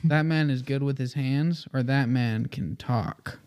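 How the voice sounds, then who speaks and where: A man co-hosting a podcast, making dry, deadpan remarks in casual chat. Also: mid-range voice, a little slow, clear, resonant tone. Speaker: podcast co-host.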